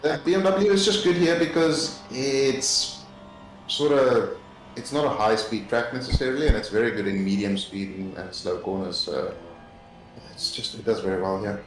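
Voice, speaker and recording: A man with an Australian accent co-commentating a sim race, relaxed and analytical. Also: medium pitch, normal speed, reverberant, soft background music, low-quality recording.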